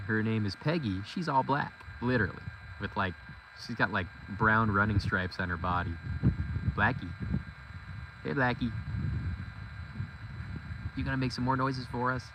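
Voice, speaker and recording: Forty-year-old man, low voice, easygoing farm vlogger, noisy outdoor take. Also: pushed and bright. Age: 40s. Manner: talks to his goats in a playful, teasing way. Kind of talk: casual chat. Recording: outdoor noise behind. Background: goats and outdoor ambience.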